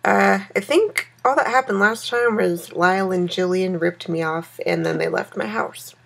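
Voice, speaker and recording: A woman's voice: medium pitch, moderate pace, gravelly, a bit bright. A woman casually playing a text adventure game, thinking aloud and reading its narration. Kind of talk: let's-play reading and commentary.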